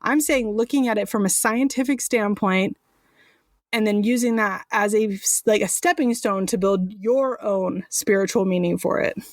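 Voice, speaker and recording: A woman's voice: mid-range voice, normal speed, no room sound, clean studio sound. A woman co-hosting a podcast in casual chat, chatty and self-mocking, laughing often. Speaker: podcast co-host.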